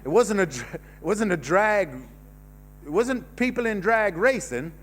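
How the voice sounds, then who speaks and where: Rambling Canadian comedian with a high, lively voice. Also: male voice, measured pace. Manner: rambling, self-mocking, swearing freely, trailing off. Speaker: stand-up comedian. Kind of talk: stand-up set. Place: comedy club stage.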